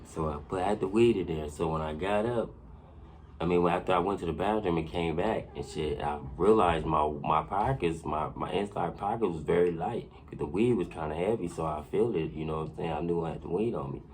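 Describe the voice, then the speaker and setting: A man telling a profane personal story in casual podcast talk, animated and laughing often, checking in with his listeners again and again. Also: sits low, brisk, a little hiss or hum. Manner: animated, laughing often, keeps saying "you know what I'm saying".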